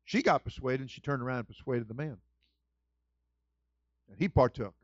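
A man preaching a sermon as senior pastor, with a lively storytelling manner that swings from loud to soft. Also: mid-range voice, moderate pace, dry recording, muffled recording.

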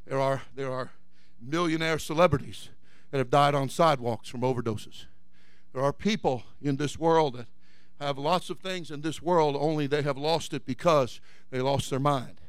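A man preaching a sermon as senior pastor, swinging from low asides to shouted, repetitive calls to the congregation. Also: clean tone, no room sound. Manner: preaches in repetition and direct address. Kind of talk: Pentecostal-style sermon.

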